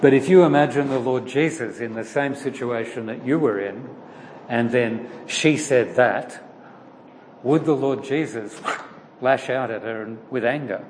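A man leading a Bible study, praying and then teaching in an informal, halting way with many pauses. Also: medium pitch, a little mellow. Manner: slow, halting, with frequent "uh" pauses. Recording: long reverb with faint background noise.

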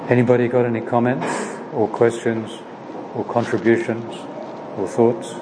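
A man leading a Bible study, praying and then teaching in an informal, halting way with many pauses. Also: mid-range voice, little pitch movement. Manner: slow, halting, with frequent "uh" pauses. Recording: long reverb with faint background noise.

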